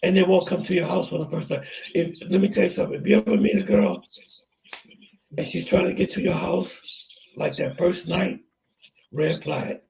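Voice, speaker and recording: A man with a gravelly, somewhat high voice hosts a relaxed podcast chat. He rambles and hesitates as he tells his stories, and the mellow tone sits a little back from the mic. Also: normal speed, distant mic, slight background noise. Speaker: channel host.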